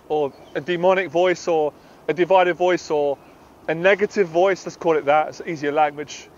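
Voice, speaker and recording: Passionate British man with a high voice. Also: dull audio, a little hiss or hum. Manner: passionate, emphatic, confessional. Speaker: anxiety and confidence coach. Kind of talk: motivational talk to camera.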